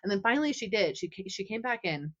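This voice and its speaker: A woman guest on a podcast, telling a personal story in a lively, casual way, with lots of "like.". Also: medium pitch, fast, dull audio. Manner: animated, heavy use of "like". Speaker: guest author.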